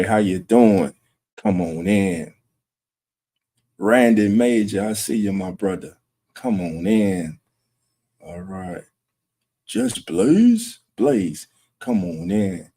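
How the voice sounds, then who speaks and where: A man hosting a late-night sports livestream at home, talking low and greeting chat viewers by name. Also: fairly even intonation, slow, pauses often, mellow. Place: home room at night with wife resting nearby.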